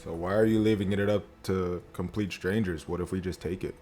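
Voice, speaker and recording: A man's voice: low voice, fairly even intonation, brisk, mellow, faint music behind. A man playing a tabletop game, talking bluntly and joking. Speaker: player. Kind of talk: casual game table chat.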